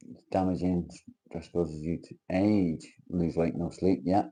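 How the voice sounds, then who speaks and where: A man speaks in a deep, husky, mellow voice as he hosts a casual live chat. He reads comments aloud and answers with crude, teasing banter. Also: steady tone, unhurried. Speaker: livestream host.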